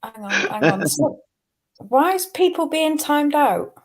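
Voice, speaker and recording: A woman's voice: high-pitched, very animated, measured pace. A woman co-hosting, reacting to the live chat as she reads it out.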